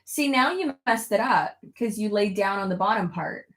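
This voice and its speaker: A woman's voice: mid-range voice, animated, moderate pace, fairly bright tone. A young woman chatting casually on a livestream, reading out viewer comments and swearing freely. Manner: chatty, swears freely, talks to her dog. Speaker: YouTuber on a livestream.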